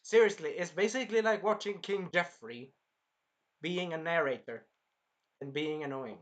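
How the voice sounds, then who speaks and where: Here a young man's slightly high voice moves at a moderate pace as he casually reviews an anime episode. He's rambling, profane and animated, acting out characters now and then.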